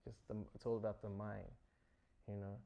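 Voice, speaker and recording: A man's voice: lowish voice, level tone, normal speed, gravelly, dark tone. A man giving a scripture class, retelling stories in a loose, chatty way full of "like" and "you know". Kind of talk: casual storytelling talk.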